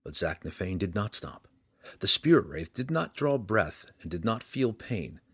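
A man narrating a fantasy audiobook in an expressive, dramatic reading. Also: on the low side, unhurried, slightly rough, no echo, clean studio sound.

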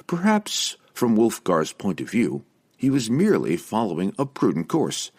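A man reading a fantasy novel aloud as narrator in an expressive, varied delivery. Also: low voice. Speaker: audiobook narrator.

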